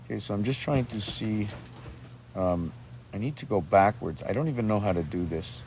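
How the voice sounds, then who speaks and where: Outdoors with his dogs, a man rambles through a casual self-made video, free-associating from one idea to the next and pausing to talk to the dogs. His voice is fairly low and a little mellow at a moderate pace, with a little hiss or hum in the recording.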